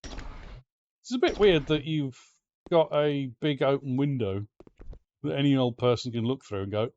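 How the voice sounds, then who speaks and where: A man's voice: medium pitch, a little slow, long pauses, a little mellow, muffled recording. A man with an Ulster Scots accent giving casual let's-play commentary, chatty and muttering to himself, now and then swearing. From Northern Ireland. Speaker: game streamer.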